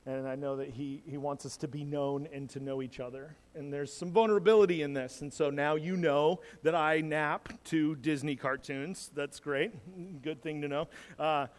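A man's voice: fairly high pitch, fairly even intonation, normal speed, hardly any pauses. A man preaching a casual sermon as pastor, rambling and self-deprecating, telling personal stories with lots of restarts. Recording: long hall reverb.

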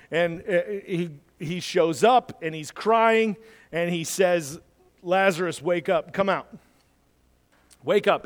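A man preaching a sermon as a pastor, talking conversationally and then building to urgent exhortation, in a church. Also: high-pitched. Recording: long hall reverb.

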